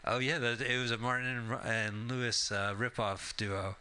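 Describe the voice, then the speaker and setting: A man hosting a casual radio chat, easygoing and halting with fillers. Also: mid-range voice, steady tone, bright, forceful tone, smooth. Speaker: radio show host. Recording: faint hiss, community radio studio.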